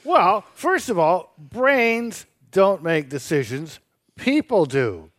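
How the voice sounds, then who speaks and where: A man's voice: sits high, big pitch swings, slow, fairly bright tone, no echo, studio quality. A man co-hosting a radio show, debating philosophy with a sarcastic, teasing edge and laughing as he argues. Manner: laughs while arguing.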